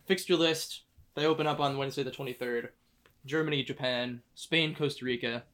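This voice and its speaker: A man's voice: mid-range voice, steady tone, fairly bright tone. A man co-hosting a sports podcast, chatting casually and joking as he runs through fixtures. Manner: joking, quick to argue and laugh. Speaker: podcast co-host.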